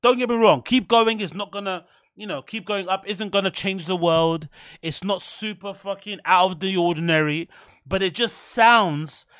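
A man hosting a solo podcast, rambling in a frantic rush with barely a pause for breath. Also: high voice, a bit bright, no room sound, studio quality. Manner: rambling, frantic, talks without pausing for breath. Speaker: podcast host.

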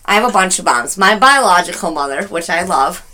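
Speaking a little fast in a fairly low voice, a woman co-hosting a casual talk show tells a personal story. She is animated and emotional, acting out quotes from the people involved.

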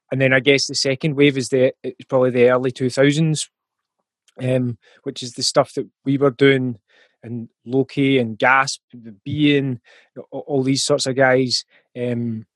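A man's voice: mid-range voice, no echo. A man with a Scottish accent, a musician guest in a casual interview, talking thoughtfully with frequent ums and restarts. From Scotland.

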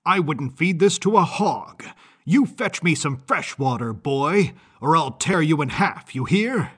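A man's voice: on the high side, animated, unhurried, a bit bright, slightly rough, voice pushed up, heavily acted. A man voicing a raging, brutish circus strong man who bellows threats, in a storybook reading. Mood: bellowing rage.

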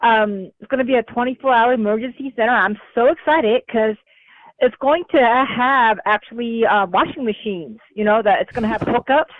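A woman from New Mexico calling into a talk show, talking in an excitable, scattered way. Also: on the high side, moderate pace, no room sound. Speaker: caller. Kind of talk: phone-in call. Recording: phone line.

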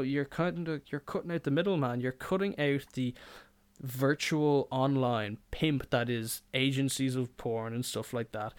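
A man's voice: mid-range voice, clear, resonant tone. Rambling, swearing young man. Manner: rambling, profane and jokey. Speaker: podcast host. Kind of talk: casual podcast monologue.

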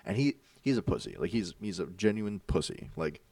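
An animated young man telling a long story in casual podcast talk, his fairly low voice swooping up and down as he acts out what people said. The sound is dry, as if he sits a little back from the mic. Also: brisk, creaky, no echo, recorded from a distance. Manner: animated, acts out quoted voices, swears a lot.

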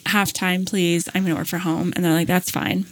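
Her voice sits on the low side and moves at a moderate pace. Chatting casually, she works through a lengthy story with animation, performing other people's lines and scattering fillers throughout.

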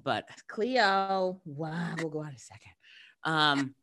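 A woman from California, a podcast guest, telling a story casually and acting out excited quotes. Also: sits low, takes it slowly, a little hiss or hum. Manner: lively, jumps into excited character voices; casual, uses mild swearing. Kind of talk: animated storytelling in conversation.

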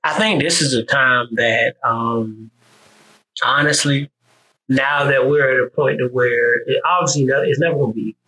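A man from the American South talking casually on a podcast, telling stories in an animated way with frequent restarts and some swearing. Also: mid-range voice, normal speed, a little hiss or hum, poor audio. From US South, Georgia. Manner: animated storytelling with repeated restarts; profane, conversational.

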